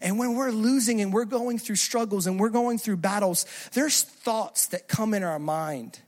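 A man preaching a sermon, telling a funny story with lively acted-out voices before turning to exhortation. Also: high-pitched, a little slow. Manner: animated, acts out scenes, loud bursts of laughter.

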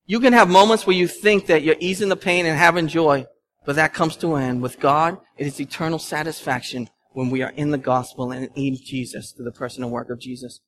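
A male pastor delivering a sermon in a church, animated and conversational, slipping into stories with laughter. His voice sits a bit higher than most men's. Faint ambience hums underneath. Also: a little fast, slight background noise. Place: church sanctuary.

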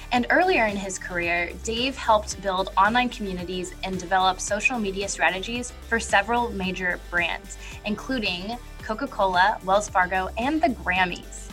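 A woman's voice: medium pitch, fairly bright tone. A woman hosting a podcast with a nasal voice as she recovers from a cold, reading a polished, upbeat introduction. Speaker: podcast host. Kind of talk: scripted podcast introduction and interviewing.

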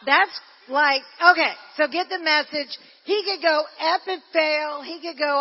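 A woman pastor preaching a sermon, telling a story with animated energy and shouting at its high points. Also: normal speed, hardly any pauses. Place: church hall. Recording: dull lo-fi recording in a church hall.

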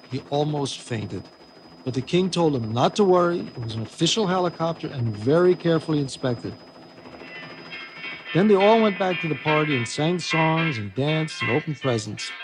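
An older man reads a children's story aloud with lively, animated storytelling. His pitch moves freely through each line. Soft music plays behind him. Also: moderate pace, vocal fry. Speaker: author reading his book. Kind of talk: children's book reading.

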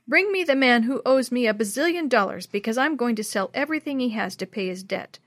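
A woman's voice: on the high side, expressive, fairly quick, no echo, studio quality, lightly acted. A woman voicing a young boy who reads a king's lines in a mock-pompous way. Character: young boy playing a king.

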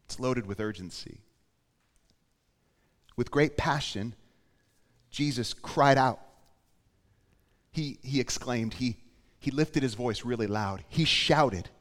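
A man preaching a sermon as pastor, moving between quiet emphasis and loud, urgent appeals. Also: medium pitch, slow pace, pauses often. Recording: long hall reverb.

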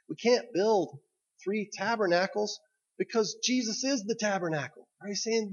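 A man with a husky, slightly high voice preaches a sermon and retells the story for his congregation. He keeps checking in with his listeners as he goes. The recording sounds dull and lo-fi. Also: expressive, normal speed. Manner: storytelling, drawing listeners in with "right?". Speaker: pastor.

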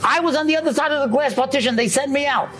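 A man's voice: extremely high pitch, quick pace, a bit bright, pitched above the performer's own voice. A man putting on a frantic grateful husband. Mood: urgent. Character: grateful middle-aged husband, urgent and emotional.

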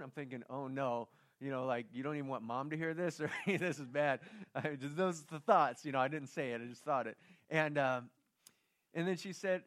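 A middle-aged man preaching a sermon, telling a family story in a conversational way that swings from hushed to loud and emphatic. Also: fairly high pitch, moderate pace. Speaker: pastor.

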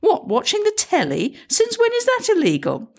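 A woman voicing a feisty, sarcastic old woman, shrill and bossy. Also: wildly swooping pitch, normal speed, exaggerated voice. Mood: indignant. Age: older.

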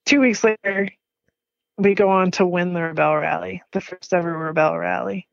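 Animated woman telling a story, dull sound. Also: moderate pace, creaky, no room sound. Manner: animated storyteller who laughs often and jumps up in pitch when quoting herself. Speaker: business owner interviewed as guest. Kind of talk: conversational storytelling interview.

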